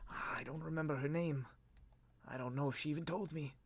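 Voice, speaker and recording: A man voicing a weak, confused young nobleman in a tabletop game, his voice cracked and broken as he pleads haltingly. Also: a little high, fairly even intonation, breathy edge, no room sound, pitched above the performer's own voice. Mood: pleading. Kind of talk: tabletop role-play.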